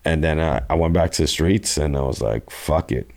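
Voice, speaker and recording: A man's voice: extremely low pitch, moderate pace, darkish tone. A man telling a rambling, profane story in a casual interview. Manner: profane, rambling, acts out quotes. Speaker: guest.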